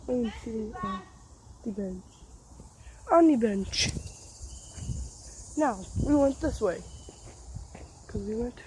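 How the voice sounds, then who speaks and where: A woman vlogging on a nature trail, out of breath and deadpan, listing what she walks past. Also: fairly high pitch, low-quality recording. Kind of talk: casual vlog narration while hiking. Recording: faint outdoor background noise.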